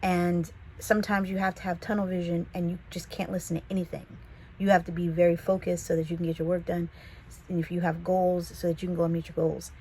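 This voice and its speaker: Woman, Californian accent, casual storytime vlog, animated, acts out quotes. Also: fairly low pitch, fast talker, a little hiss or hum, low-quality recording. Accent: Californian English. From Los Angeles, the Valley. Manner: chatty, animated, quotes people in voices.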